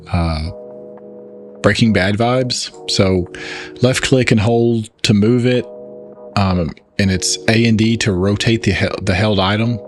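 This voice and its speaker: A man with a Southern US accent from Arkansas, chatting casually while explaining game controls in a let's play. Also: lowish voice. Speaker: gaming channel host.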